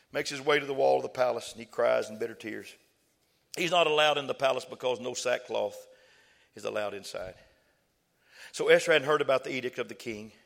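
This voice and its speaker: Bright-voiced preacher man telling a story. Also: medium pitch, gravelly. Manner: conversational storytelling with frequent repetition. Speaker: pastor. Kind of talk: sermon.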